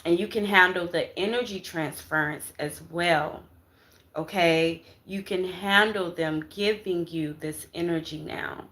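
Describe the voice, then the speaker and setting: Slow, low-voiced woman reading tarot. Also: a bit bright. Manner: casual, repetitive, addresses viewers as "y'all" and "baby"; emphatic, punctuates with "okay?" and "Ashe". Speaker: tarot reader. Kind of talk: spiritual tarot reading to viewers.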